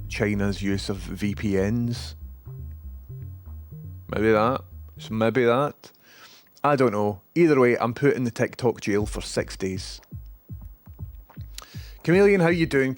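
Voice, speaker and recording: A Scottish man hosting a live stream, chatting casually with viewers, with dry asides and some swearing. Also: mid-range voice.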